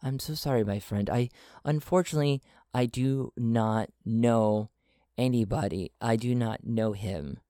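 A man voicing a friendly male local in a tabletop game who welcomes a newcomer warmly and drops in Spanish greetings. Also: medium pitch, sing-song, slow, no room sound, studio quality. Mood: apologetic.

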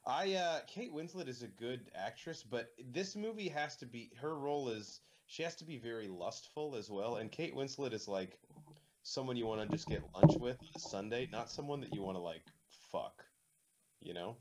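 A man's voice: mid-range voice, expressive, fairly quick. A man hosting a casual movie commentary, joking and offhand, with lots of fillers.

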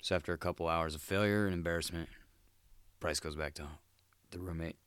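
A man's voice: sits low, steady tone, a little fast, a bit bright, clear, resonant tone, no echo, clean studio sound. A man hosting a solo comedic monologue, laid-back and crude, swearing often and calling listeners dude. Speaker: podcast host.

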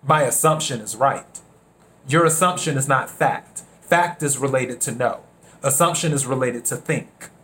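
A man from South Carolina hosting a reflective solo podcast, unhurried, repeating his phrases and acting out bits of dialogue. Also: medium pitch, fairly bright tone, a little hiss or hum. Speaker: podcast host.

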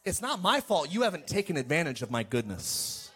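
A middle-aged pastor preaches an animated, joking sermon, erupting into sudden shouts and mimicking quoted voices mockingly. His voice is on the high side, with a brisk pace and a breathy edge.

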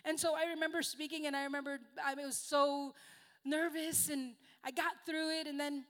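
High-voiced woman preaching, earnest and chatty. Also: level tone, moderate pace, a bit bright. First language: Spanish. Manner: earnest, conversational, self-deprecating. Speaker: guest preacher. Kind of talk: sermon.

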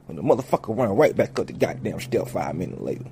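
A man's voice: sits low, fast, a little hiss or hum. A man telling a comic story full of swearing, acting out each character as he goes. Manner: swears heavily, animated, acts out each character. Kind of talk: profane comedic storytelling.

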